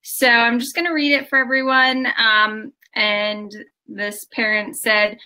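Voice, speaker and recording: A woman's voice: a little high, little pitch movement, measured pace, few pauses, bright, forceful tone, rough recording. A young woman hosting an interview, giving brief friendly responses and asking questions. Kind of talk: interview conversation.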